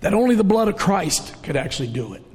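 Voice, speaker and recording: A middle-aged man preaching a sermon, telling the story with strong emotion and sudden raised, shouted moments. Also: high voice, big pitch swings, quick pace. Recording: long hall reverb.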